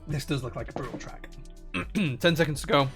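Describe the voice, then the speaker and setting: A man streaming live, commentating viewer marble races in quick play-by-play, reeling off player names with casual asides, his voice a little worn. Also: medium pitch, expressive, a bit bright, faint music behind. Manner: rapid name-listing play-by-play with casual asides. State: slightly losing his voice.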